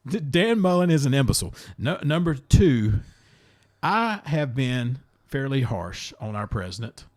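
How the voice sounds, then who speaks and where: A man's voice: mid-range voice, measured pace. Rambling man hosting a podcast. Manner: rambling, self-interrupting, repeats words; blunt and animated. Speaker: podcast host. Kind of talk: casual opinionated chat.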